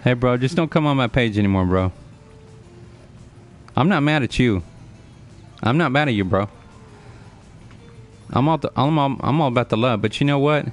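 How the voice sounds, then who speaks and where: A man's voice: mid-range voice, expressive, normal speed, long pauses, faint music behind. A man in his forties chatting earnestly to his live-stream audience, lecturing and repeating himself as he answers viewers by name. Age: 40s. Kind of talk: casual live-stream chat.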